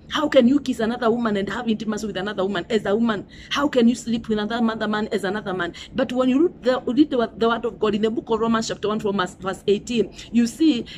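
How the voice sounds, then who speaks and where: A woman's voice: on the high side, slight background noise. A middle-aged woman with a Kenyan accent preaching a sermon, emphatic and repetitive, often saying "you know" and "Hallelujah".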